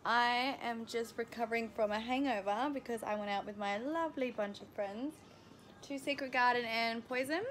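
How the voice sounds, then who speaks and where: A woman's voice: a little high, normal speed, fairly bright tone. A young woman in her twenties talking chattily to her camera at home in a casual vlog, laughing often. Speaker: vlogger. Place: at home indoors. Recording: noisy home camera recording.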